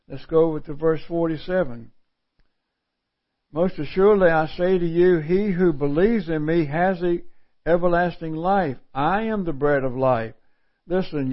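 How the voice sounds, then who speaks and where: A middle-aged man preaching a sermon, reading scripture aloud and explaining it in a folksy way, repeating phrases for emphasis. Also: fairly high pitch. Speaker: pastor. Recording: dull lo-fi recording.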